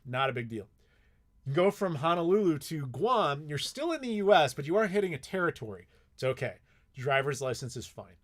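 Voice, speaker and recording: Rambling guy, slightly high voice. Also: sing-song, a little fast. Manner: rambling, swears freely, many "like" fillers. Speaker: streamer answering chat questions. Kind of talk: casual live Q&A chat.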